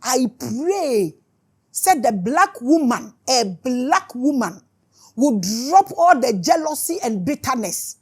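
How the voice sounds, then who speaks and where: A woman's voice: sits high, sing-song, slow pace, darkish tone, slightly rough. A woman with a Ghanaian accent giving an impassioned spiritual talk, fiery and scolding as she switches between Twi and English. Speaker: spiritual teacher.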